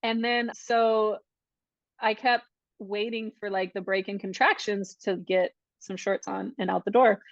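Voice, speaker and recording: Woman, podcast guest, conversational storytelling, acts out quoted voices, mid-pitched, dull muffled audio. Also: measured pace, no echo. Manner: animated, acts out quoted dialogue.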